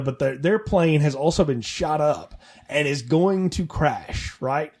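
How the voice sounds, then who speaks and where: A man's voice: on the high side, measured pace. A man co-hosting a film podcast, chatting casually and jokingly acting out characters' lines. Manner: animated, jokey, acts out characters' lines. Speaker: podcast co-host. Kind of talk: casual film-review chat.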